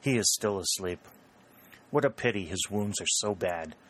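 A man voicing a cautious, steady young officer. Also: low voice, moderate pace, a little hiss or hum.

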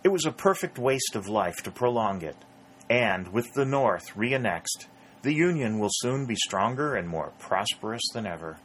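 A man's voice: on the low side, big pitch swings, normal speed, a little hiss or hum, rough recording. A man reading the lines of a proud, grandiloquent Confederate officer in a storybook, with lofty, ornate speech. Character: proud Confederate lieutenant colonel, grandiloquent and stubborn.

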